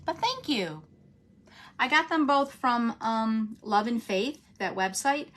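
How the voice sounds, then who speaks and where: A woman's voice: a little high, very animated, slow pace, a bit bright, slight background noise. Chatty woman crafting on a livestream. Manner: chatty, laughs often, greets viewers by name. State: stuffy, runny nose. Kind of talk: casual livestream chat while crafting.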